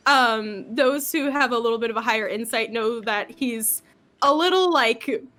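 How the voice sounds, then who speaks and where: High-voiced woman narrating as game master. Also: a bit bright. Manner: casual, lots of fillers.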